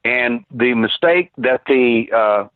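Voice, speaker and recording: Speaking slowly in a mid-range voice, an older phone-in guest recounts casual stories from his time as a cop and later a private investigator. The telephone line is tinny and dry, and his telling rambles with many restarts and fillers.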